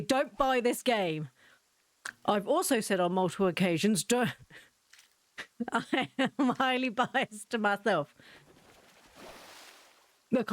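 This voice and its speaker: A woman's voice: fairly high pitch, no room sound. A woman streaming a game, chatting casually with viewers in a giggly, self-mocking way.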